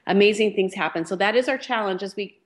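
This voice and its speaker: Earnest woman radio co-host. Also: medium pitch. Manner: earnest, encouraging, slow and deliberate. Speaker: co-host of a Christian radio talk show. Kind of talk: faith talk radio, reflective exhortation.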